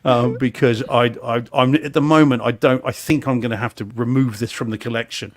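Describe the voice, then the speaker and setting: Man, mid-pitch, co-host on a live podcast, emphatic movie critic who restarts sentences and laughs. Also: fairly even intonation, fairly quick. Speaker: podcast co-host reviewing films. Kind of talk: casual live-stream chat.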